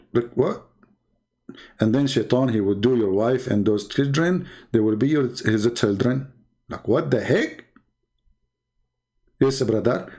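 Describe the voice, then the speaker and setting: Male debate host, middle-aged, gravelly voice, sarcastic and mocking delivery. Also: mid-range voice, warm tone. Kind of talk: mocking commentary on videos.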